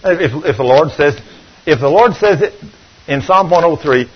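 An older man preaching a sermon, telling stories and swinging between loud and hushed. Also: on the high side, moderate pace, breathy edge. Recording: dull lo-fi recording.

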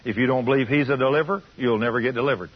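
A man's voice: mid-range voice, rapid-fire, slightly rough. A man preaching a fervent, folksy sermon on the radio. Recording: muffled radio broadcast.

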